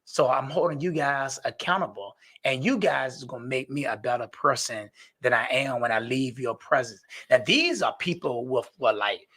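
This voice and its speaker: A man's voice: medium pitch, animated, moderate pace, few pauses, sharp tone, breathy edge. A man talking earnestly and animatedly about recovery as a peer worker and sponsor, often saying "you know". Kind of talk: casual conversation.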